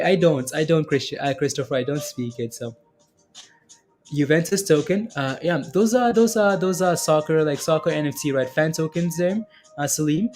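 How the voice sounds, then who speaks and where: A man's voice: on the high side, darkish tone. A man hosting a casual trading livestream, rambling with many fillers as he reads out viewer questions. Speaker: stock and crypto livestream host.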